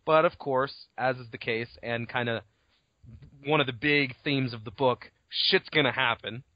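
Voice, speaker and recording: A man's voice: mid-range voice, fairly even intonation, normal speed, no room sound. A man co-hosting a podcast, chatting casually about a book and acting out its scenes with freely dropped swear words. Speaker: podcast co-host. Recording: dull lo-fi podcast audio.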